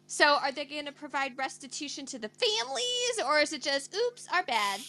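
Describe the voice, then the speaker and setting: Casting: high, animated woman co-host, quick reactions, faint hum. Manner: quick reactive interjections, laughing. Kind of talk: casual chat.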